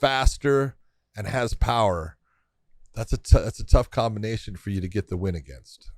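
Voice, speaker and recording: A man's voice: on the low side, animated, normal speed, no room sound, studio quality. A man co-hosting a podcast in casual chat, agreeing emphatically and telling stories about fighters he trained. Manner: emphatic, agrees often, laughs.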